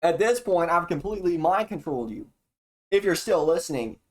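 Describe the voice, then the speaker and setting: Streamer, solo stream, erratic profane rambler, pitch swings widely. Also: very animated, a little fast. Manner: erratic, profane and jumpy, with sudden laughs and exclamations.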